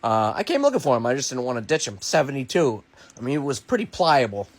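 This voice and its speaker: A man's voice: medium pitch, big pitch swings, quick pace. A man telling a rambling, improvised comic story off the cuff. He swears freely, mocks himself and laughs between lines.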